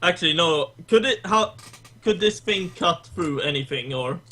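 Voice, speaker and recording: A man playing in a tabletop game, excitable and hesitant as he thinks aloud. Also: a little high, moderate pace. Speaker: player. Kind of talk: casual tabletop game chat.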